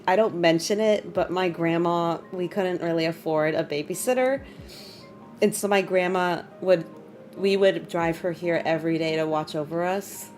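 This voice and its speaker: A young adult woman streamer chatting casually with her viewers, emotional and quick to laugh. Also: lowish voice. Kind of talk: casual live-stream chat. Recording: faint music behind.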